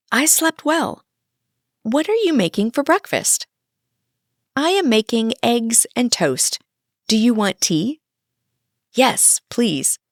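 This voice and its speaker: Brief: woman teacher, slow delivery, dry close mic, simple lesson narration. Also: mid-range voice, dry recording. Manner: plain, simple sentences with acted example dialogues. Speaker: English teacher.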